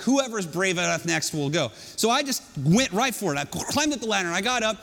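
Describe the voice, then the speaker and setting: Male pastor, high voice, animated storyteller, reverberant hall. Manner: storytelling, animated, self-mocking. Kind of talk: sermon.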